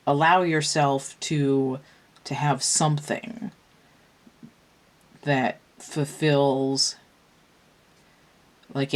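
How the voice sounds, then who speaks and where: A tarot reader talking casually through a card spread, musing aloud, tired from pain. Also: mid-range voice. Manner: slow, musing, thinks aloud with restarts.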